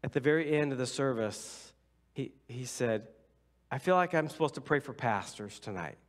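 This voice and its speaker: Pastor telling a story in a sermon. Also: male voice, mid-range voice, animated, normal speed. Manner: conversational, acts out quoted voices with whispers and asides. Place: church sanctuary.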